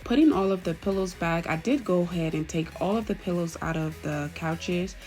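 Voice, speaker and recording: A woman chatting casually through a home decor vlog, gushing now and then with excited cheers. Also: fairly low pitch, normal speed, faint music behind. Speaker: home vlogger.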